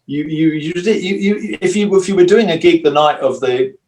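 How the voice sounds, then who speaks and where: An older man, a guitarist, telling long, rambling stories in a relaxed interview and acting out the voices of people he quotes. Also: on the high side, moderate pace. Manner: rambling storyteller who acts out quoted voices. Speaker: guitarist guest.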